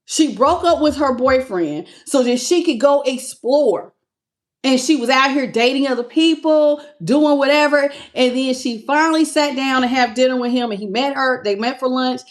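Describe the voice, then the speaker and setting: A woman giving a live tarot reading, talking in an animated, conversational way and greeting viewers as they join. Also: high voice, moderate pace. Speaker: tarot reader.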